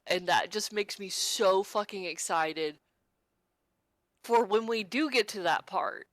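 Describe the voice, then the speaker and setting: A woman co-hosting a podcast in casual chat, excitable and swearing freely. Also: mid-range voice, a little slow, no room sound. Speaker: podcast co-host.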